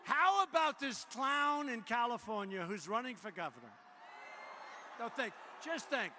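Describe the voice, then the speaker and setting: A man in his seventies giving a boastful, repetitive political rally speech in a large arena, often breaking into shouts. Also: very high-pitched, sing-song, measured pace. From United States. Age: 70s. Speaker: president addressing a rally. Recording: long hall reverb with faint noise.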